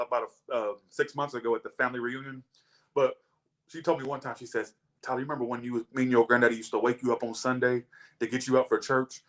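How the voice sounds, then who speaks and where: A man's voice: mid-range voice, fairly bright tone. A young man, chatting casually and animatedly as he tells stories and reads tarot, swearing freely. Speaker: tarot reader. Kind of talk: casual storytelling and tarot reading.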